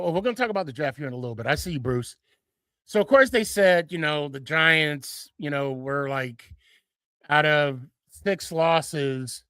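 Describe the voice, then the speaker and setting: Rambling, excitable male podcast host, bright and punchy, dry close mic. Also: no room sound. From Dallas-Fort Worth area. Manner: rambling, repeats himself, many restarts and fillers; excitable, jumps higher when animated. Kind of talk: casual monologue.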